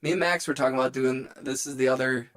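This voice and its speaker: A man hosts a casual late-night music livestream from his home studio, rambling, joking, and reading the chat aloud while music plays behind him. He's a livestream host and music producer with a medium-pitched, steady, fairly bright voice and a fast delivery. The studio microphone picks up no room sound.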